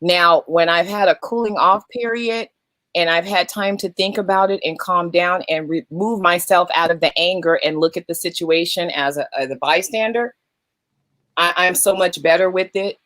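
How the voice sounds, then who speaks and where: A woman hosting a podcast, giving measured, reflective advice in casual chat. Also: fairly low pitch, a bit bright, no echo. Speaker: podcast host.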